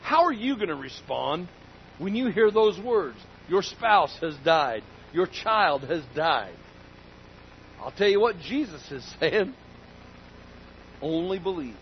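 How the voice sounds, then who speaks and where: A man delivers a sermon in a high, bright-edged voice, emphatic and folksy, hammering his points by repeating them. The recording is slightly muffled, with a faint low rumble underneath. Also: big pitch swings, slow. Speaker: pastor.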